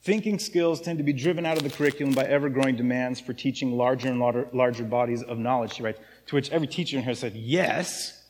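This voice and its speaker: A man preaching a sermon to his congregation in a relaxed, conversational way, often checking in with "right?". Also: medium pitch, quick pace, hardly any pauses, a little hiss or hum. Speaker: pastor. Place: church sanctuary. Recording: long hall reverb.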